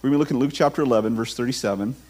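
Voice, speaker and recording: A man's voice: medium pitch, very fast, a little mellow. A man, a teaching pastor, reading scripture, praying and telling a story in a conversational sermon, often repeating words and restarting. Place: church sanctuary.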